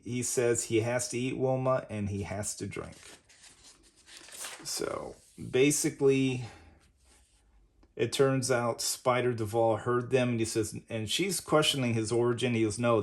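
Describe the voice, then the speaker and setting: A man's voice: medium pitch, measured pace. A man hosting a casual comic book review, rambling and leaning on "basically" as he retells the story. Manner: rambling, says "basically" often.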